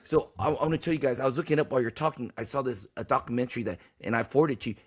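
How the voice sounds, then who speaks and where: A man's voice: mid-range voice, racing, darkish tone, breathy edge. A man hosting a podcast in casual talk, blunt and emphatic, preaching his points and swearing freely. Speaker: podcast host.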